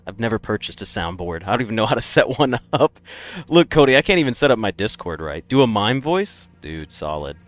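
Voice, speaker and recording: Low-ish guy rambling on a game stream, opinionated, faint music under it. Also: very animated, a little fast. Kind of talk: casual live-stream chat.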